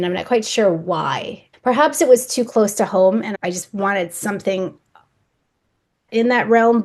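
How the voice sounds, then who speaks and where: A woman's voice: medium pitch, gravelly. A woman being interviewed as a guest author, explaining her choices in a thoughtful, careful way. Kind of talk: podcast interview.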